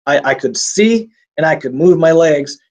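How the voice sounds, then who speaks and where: Halting, intense man telling his story. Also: on the high side, lively intonation. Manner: halting, repeats and restarts words, intense. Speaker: interview guest telling his survival story. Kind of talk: personal testimony in an interview.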